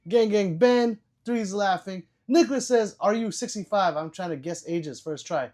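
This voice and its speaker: This older livestream host reads chat aloud at normal speed with hardly any pauses. He rambles and curses, stumbles and repeats words, and shifts between loud bursts and low mutters.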